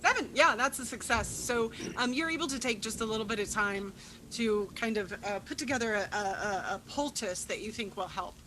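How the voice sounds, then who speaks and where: Brief: bright-voiced woman game master, easygoing, lots of "um"s. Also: a little high, brisk, slight background noise, low-quality recording. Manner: laughs often, hesitant fillers. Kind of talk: narrating a tabletop game.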